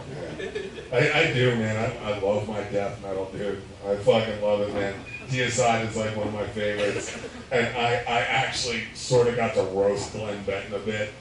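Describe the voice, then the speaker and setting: A man, doing a crude, profane live stand-up set while a little drunk, laughing at his own jokes. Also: fairly low pitch. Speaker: stand-up comedian. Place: bar stage, live. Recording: echoey room, distant mic, crowd noise.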